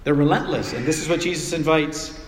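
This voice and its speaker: A man with a slightly higher-than-usual voice preaches a relaxed, conversational sermon from the front of a church. His words ring through a roomy hall with a long reverb tail, and everyday examples and playful asides keep it informal. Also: fairly quick, a little hiss or hum. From North America. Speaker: pastor. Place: church sanctuary.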